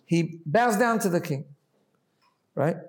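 A man's voice: high voice, animated, slow pace. A man giving a Chassidic Torah class, explaining ideas with rhetorical questions and frequent Hebrew terms. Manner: explanatory, asks rhetorical "right?" often, mixes Hebrew phrases. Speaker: Torah teacher.

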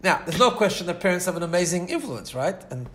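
A Torah teacher, a man whose voice sits slightly higher than usual, gives a sermon framed as one long, earnest story. He speaks fast with big pitch swings and a fairly bright tone, often restarting and repeating words as he goes.

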